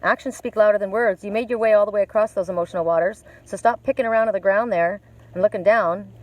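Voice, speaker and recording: A woman's voice: mid-range voice, quick pace, dry recording. A woman doing a live oracle card reading outdoors by a lake, chatty and blunt, swearing casually.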